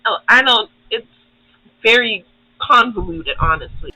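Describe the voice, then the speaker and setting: A man's voice: sits high, a little slow, bright, forceful tone, rough recording. A young man hosting his own channel, giving a casual, rambling recap of a show full of swearing. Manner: profane, rambling, acts out characters. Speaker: YouTube host.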